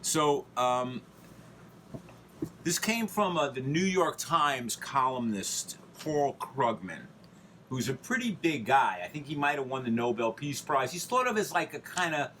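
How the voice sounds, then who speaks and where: A man's voice: medium pitch, animated, measured pace, bright, forceful tone, a little hiss or hum. A man co-hosting a talk show, rambling casually with many fillers and restarts. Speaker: podcast co-host. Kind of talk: casual chat.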